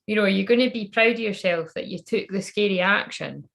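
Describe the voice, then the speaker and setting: A woman's voice: medium pitch, a little fast, gravelly, fairly bright tone. A woman giving a psychic reading in a casual, rambling monologue. She swears freely and laughs at her own jokes. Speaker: psychic reader channeling messages.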